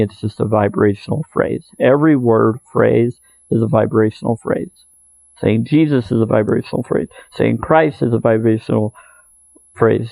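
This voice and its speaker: A man speaks in an unhurried, earnest spiritual monologue, circling back to repeat his phrases. His voice is gravelly and mellow, at a middling pitch. The sound is dry and close. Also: no room sound, poor audio. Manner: earnest, meandering, repeats phrases, soft laughs. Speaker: spiritual video maker.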